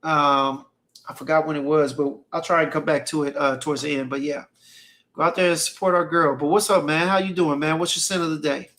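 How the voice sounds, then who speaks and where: A man's voice: fairly high pitch, steady tone, a little fast, a bit bright. A man hosting a casual fragrance livestream, reading viewer comments aloud in a laid-back, slangy way and repeating his phrases. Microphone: streaming mic.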